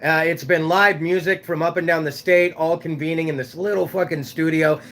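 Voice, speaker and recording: Loud, shouting male livestream host. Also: a little high, fairly even intonation, moderate pace, slight background noise. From Fresno, California. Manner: loud shouting delivery, crude swearing. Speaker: live show host. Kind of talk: casual livestream chat.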